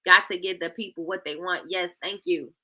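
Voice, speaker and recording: Bright-voiced woman hosting a livestream. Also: fairly low pitch, fairly even intonation, brisk. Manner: playful, repeats herself, addresses chat as y'all. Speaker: livestream host. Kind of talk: casual livestream coaching.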